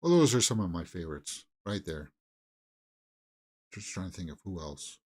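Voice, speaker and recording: A man's voice: low-pitched, sing-song, a little mellow, slightly rough. Casual man musing over favorite actors. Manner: musing, halting, with fillers and restarts. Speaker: movie news co-host. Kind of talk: casual chat.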